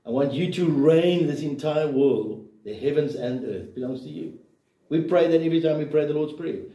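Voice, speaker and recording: A pastor's fairly high-pitched, warm voice comes through muffled as he preaches at normal speed. The setting is a church hall, echoey, with his voice picked up from afar, and his sermon leans on emphatic rhetorical questions.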